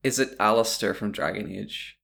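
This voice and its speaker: A man's voice: fairly low pitch, moderate pace, creaky, a bit bright, breathy edge. A man co-hosting a casual podcast, wry and terse in his quips. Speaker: podcast co-host.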